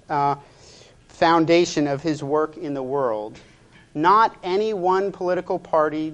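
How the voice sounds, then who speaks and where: A male pastor preaching a sermon in a measured, hesitant way, with frequent pauses and fillers. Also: fairly high pitch.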